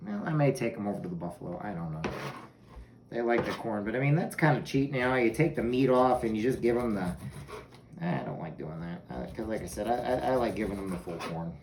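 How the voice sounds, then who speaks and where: A man's voice: medium pitch, a little mellow. A man casually chatting to viewers while cooking corn in his kitchen, rambling and self-amused. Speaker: home cooking vlogger. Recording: echoey room with background noise.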